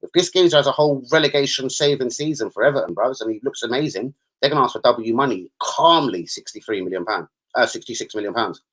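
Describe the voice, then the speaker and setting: A man's voice: medium pitch, fast talker, hardly any pauses, fairly bright tone. A man hosting a casual football livestream, slangy, chatty and given to swearing.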